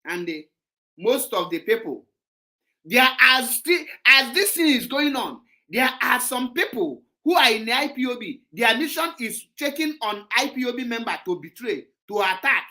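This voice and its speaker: An impassioned Nigerian man with an Igbo accent runs a heated call-in show and switches between English and Igbo as he speaks. His voice is bright and forceful. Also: very high voice, very animated, normal speed.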